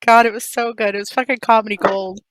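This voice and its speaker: A woman's voice: medium pitch, steady tone, quick pace, a crowd in the background, low-quality recording. A woman in casual, teasing chat with friends over a voice call before a tabletop game. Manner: laughing, teasing, swears freely. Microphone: home setup over a voice call.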